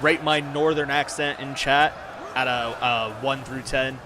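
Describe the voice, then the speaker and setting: A man giving excited, casual commentary on a battle while streaming a game. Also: mid-range voice, measured pace, slight background noise. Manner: excited, swears, lots of fillers. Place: home room.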